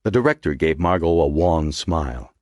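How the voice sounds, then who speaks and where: Deep-voiced male audiobook narrator. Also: lively intonation, moderate pace, darkish tone, dry recording.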